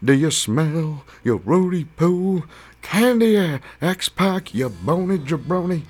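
A brash, boastful wrestling star hurls taunts in a slow drawl, as a man puts him on. The voice sits well above a plain talking voice, with a strained, changed edge. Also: on the high side, lively intonation, darkish tone, slight background noise, pitched above the performer's own voice. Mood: mocking.

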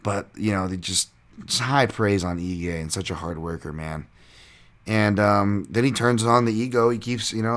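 A man hosting a podcast, casually breaking down fight results in a loose, rambling way with lots of fillers and swearing. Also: sits low. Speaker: podcast host and fight analyst.

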